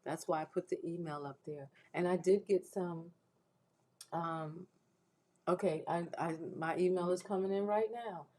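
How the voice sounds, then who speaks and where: Speaking slowly in a lowish, mellow voice with a steady tone, this woman hosts a faith-based livestream and offers viewers earnest, preacherly encouragement. She is close to tears, often restarting and repeating herself in her heartfelt appeal. The recording quality is low.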